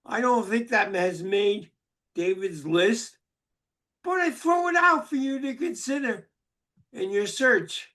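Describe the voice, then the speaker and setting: Older male psychologist, high voice, slow unhurried telling, dry joking storyteller on a video call. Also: expressive, sharp tone. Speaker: psychologist and book author. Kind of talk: webinar talk with anecdotes.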